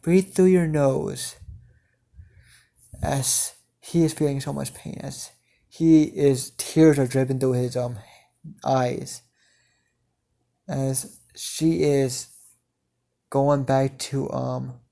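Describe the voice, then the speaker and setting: A man improvising a dark fan story, halting and full of fillers as he strings clauses together. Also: medium pitch, little pitch movement, vocal fry. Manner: halting, many fillers and restarts, chained "as she" clauses. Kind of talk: improvised fan-fiction narration.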